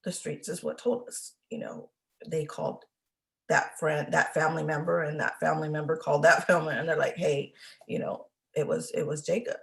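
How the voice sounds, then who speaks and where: Emotional woman with a gravelly voice. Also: low-pitched, level tone. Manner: halting and emotional, with many restarts and trailing off. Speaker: interview guest. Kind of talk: personal testimony.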